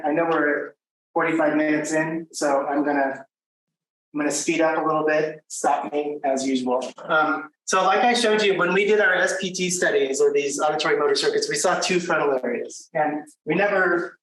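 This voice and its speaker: A man with a slightly high voice gives a conversational academic lecture, full of fillers and restarts. He is picked up from a distance in a very echoey room, with faint background noise. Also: moderate pace, a bit bright.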